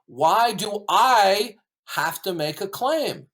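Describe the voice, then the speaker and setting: A man's voice: sits high, big pitch swings, takes it slowly, a bit bright. A man arguing combatively on a podcast, indignant and full of rhetorical questions. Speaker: caller recounting a call-in debate. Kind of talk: argumentative podcast talk.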